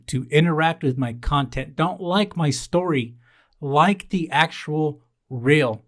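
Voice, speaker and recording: A young man hosts his own show in a rambling solo monologue, sardonic and exasperated by turns. He swears freely and hammers the same line twice for effect. His voice sits in an ordinary middle pitch. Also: fairly bright tone. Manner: sardonic, exasperated rants with mock-pleading asides; profane, repeats lines for emphasis. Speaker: podcast host.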